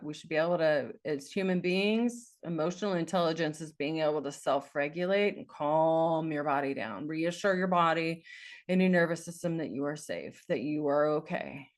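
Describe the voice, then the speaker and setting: A woman's voice: sits low, normal speed. A woman life coach giving an earnest, encouraging talk, repeating phrases for emphasis.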